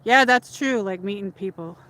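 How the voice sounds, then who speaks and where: A woman's voice: mid-range voice, moderate pace, sharp tone. Rambling woman livestreaming on a lakeside walk. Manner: chatty and rambling, with many "like"s and restarts. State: a little out of breath from walking. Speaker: livestream host. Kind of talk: casual walk-and-talk livestream. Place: outdoors, walking by a lake.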